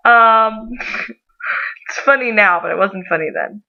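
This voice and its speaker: A young adult woman telling a story in a casual vlog, animated and given to over-the-top dramatizing. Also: mid-range voice, unhurried, creaky. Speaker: vlogger. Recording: slightly muffled lo-fi audio.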